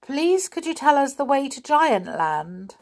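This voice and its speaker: A woman's voice: mid-range voice, expressive, unhurried. A woman voicing a polite but impatient young boy in a children's story. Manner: polite, then impatient and grumbling.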